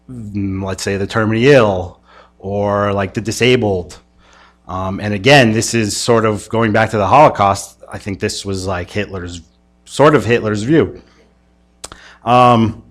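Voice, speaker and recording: A man teaching a church discussion class in a casual, rambling lecture full of fillers and restarts. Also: lowish voice. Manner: rambling, hesitant, many fillers.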